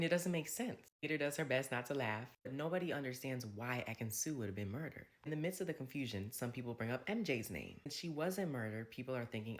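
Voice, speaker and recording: A man talks through a reality TV episode in a casual recap. His delivery is chatty and gossipy, sprinkled with playful asides. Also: mid-range voice. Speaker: recap host.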